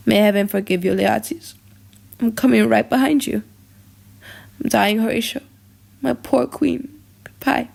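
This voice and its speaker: A woman doing a young prince, bitter and mocking, gravelly low edge. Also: exaggerated voice.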